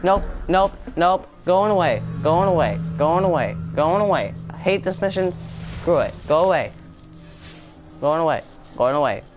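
Over game music, a man with a fairly high voice provides casual live commentary on the shooter he's streaming, talking at a normal speed in an animated way. He jokingly taunts enemies with mock-tough lines, and the sound is lo-fi.

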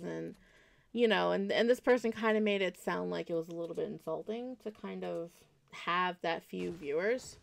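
Gravelly-voiced woman streamer chatting. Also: medium pitch. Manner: rambling, self-correcting, reassuring. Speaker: game streamer. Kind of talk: casual chat to stream viewers while gaming.

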